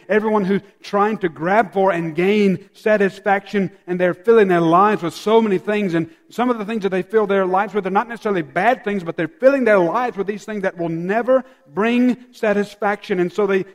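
A man preaching a sermon emphatically, swinging from loud peaks down to hushed, near-whispered lines. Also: sits high, big-room sound. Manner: emphatic, rising and falling dynamics, dropping to near-whispers.

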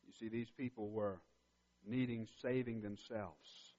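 A man's voice: fairly low pitch, steady tone, unhurried, warm tone. A man preaching a sermon as a pastor, emphatic and building in intensity, repeating key phrases for weight. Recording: dull recording with long hall reverb.

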